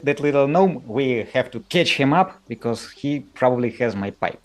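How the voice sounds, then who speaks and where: A man's voice: medium pitch, expressive, moderate pace. A man plays his character at a tabletop game in a slangy, playful way, laughing often. His voice sits in a middle range. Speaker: player. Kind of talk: casual tabletop role-play.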